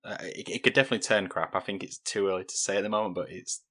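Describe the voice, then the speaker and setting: A low-voiced man who talks fast. He leads segments on a podcast in a playful way and keeps the chat moving. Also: pushed and bright. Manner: playful, quick-talking presenter. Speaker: podcast co-host. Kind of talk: casual chat.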